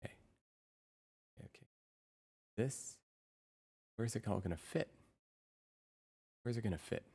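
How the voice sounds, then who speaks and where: Female streamer, AI voice changer, gravelly fry, unhurried, flustered muttering, casual live-stream chat. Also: a bass voice, lively intonation, warm tone. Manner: flustered, muttering to herself while setting up screens. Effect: real-time AI voice changer.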